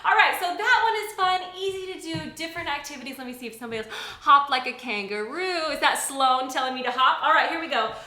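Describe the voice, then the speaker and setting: A woman's voice: sits high, animated, fast, few pauses, sharp tone. A woman teaching a children's music class, singing nursery songs and cheerfully coaxing the kids to join in. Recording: echoey room.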